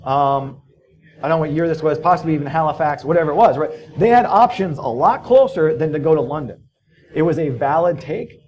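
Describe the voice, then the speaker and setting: Man, conference speaker, fairly high pitch, storytelling, loose and profane, frequent fillers. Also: lively intonation, a little fast, darkish tone, highs cut off, slight background noise. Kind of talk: casual conference talk. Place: conference hall.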